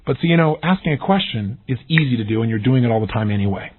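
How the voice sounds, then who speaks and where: A man giving an energetic recorded self-help lesson, acting out the questions he describes in lively voices. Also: medium pitch, quick pace, husky. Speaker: motivational speaker. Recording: tinny phone-like audio.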